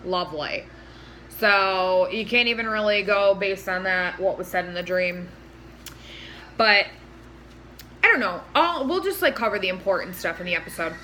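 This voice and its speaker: A young woman co-hosting a casual TV recap, animated and swearing as she acts out her reactions. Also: mid-range voice, moderate pace, pauses often, slight background noise. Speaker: co-host.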